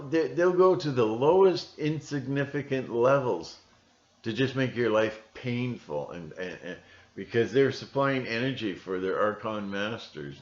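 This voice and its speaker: A middle-aged man rambling through a monologue, repeating himself and now and then mimicking others. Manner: meandering, repeats himself, mimics people in shrill voices. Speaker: conspiracy video host. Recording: echoey room, dull lo-fi sound.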